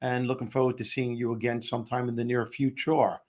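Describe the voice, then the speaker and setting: A man's voice: medium pitch, fairly quick. A man hosting a podcast, talking casually and jokily. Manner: animated, jokey, does impressions. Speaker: host.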